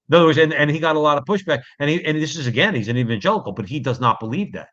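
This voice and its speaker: A man's voice: a little high, sing-song, rapid-fire, hardly any pauses, fairly bright tone. A man co-hosting a podcast, explaining points in casual talk and checking in with "okay?". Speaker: podcast co-host. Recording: dull lo-fi podcast audio.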